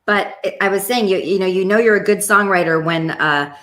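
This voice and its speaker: A woman voice actress telling playful stories in a casual interview, laughing often and slipping into quick voices. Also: medium pitch, fairly bright tone. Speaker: guest voice actress.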